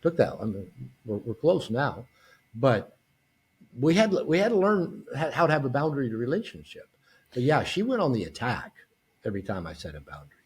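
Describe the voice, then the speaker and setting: A man speaking as a guest expert in an interview, animated and prone to restarting his sentences. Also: mid-range voice, moderate pace, husky. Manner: animated, acts out quoted dialogue, frequent restarts. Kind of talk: conversational interview.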